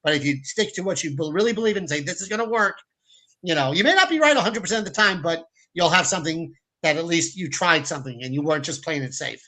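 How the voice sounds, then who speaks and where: A man's voice: a little high, fast, few pauses, rough recording. A man, a film director as a guest, telling stories in a casual interview, acting out quotes and often restarting his sentences. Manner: animated, acts out quotes in put-on voices, many restarts.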